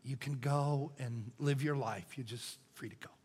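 An older man preaching a sermon as pastor, moving from loud cries to hushed whispers. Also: mid-range voice, normal speed, husky. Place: church sanctuary. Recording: church hall reverb.

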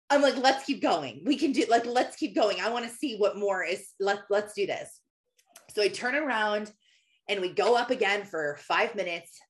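A woman in her thirties talking about faith in a relaxed, chatty storytelling way. She fills her speech with casual fillers, and her voice sits in a mid-range pitch. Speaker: Christian speaker. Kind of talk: personal faith talk.

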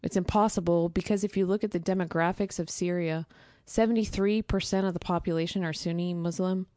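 A woman who is a guest in a casual interview, explaining earnestly and filling pauses with fillers. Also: on the low side, fairly even intonation, warm tone, no echo, studio quality.

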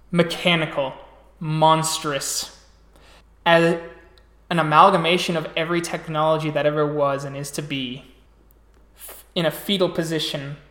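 Guy running a tabletop game, slow descriptive narration, roomy echo. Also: a little high, fairly bright tone. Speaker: storyteller.

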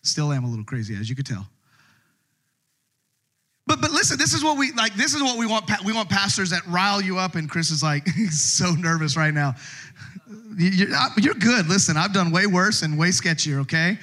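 A middle-aged male pastor delivering a sermon with a fairly high-pitched voice. He preaches in an animated way, dropping low and quiet, then jumping up into shouted lines as he acts out different voices. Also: moderate pace.

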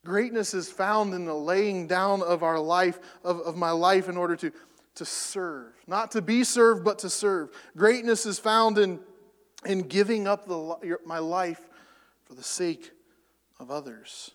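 A man preaching a sermon, rising to loud emphatic peaks and falling back soft. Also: high voice, measured pace, big-room sound. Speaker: pastor.

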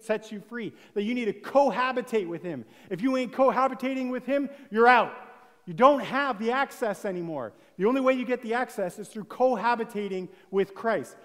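A man preaching a sermon in a fervent, conversational way, building from hushed tones to loud bursts and firing off rhetorical questions. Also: sits high. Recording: long hall reverb.

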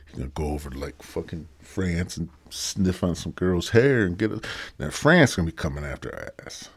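A man's voice: low-pitched, lively intonation, normal speed, husky. A man hosting his own podcast, rambling and joking in a profane, casual monologue. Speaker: podcast host.

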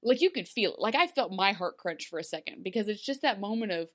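A chatty woman co-hosting a casual podcast, her voice sitting at an everyday middle pitch. She talks loosely and animatedly, full of fillers and little laughs as she recaps. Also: lively intonation, quick pace, hardly any pauses. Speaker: podcast co-host.

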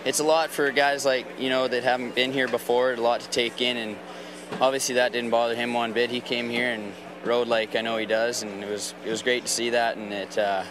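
A man's voice: medium pitch, flat delivery, a little fast, noisy background. A man from Canada interviewed as a bull rider, modest and rambling with fillers. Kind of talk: post-ride interview.

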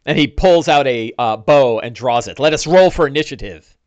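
A middle-aged man narrating a one-on-one tabletop game as dungeon master, with a relaxed, rambling manner full of fillers and restarts. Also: medium pitch, moderate pace, dry recording, muffled recording.

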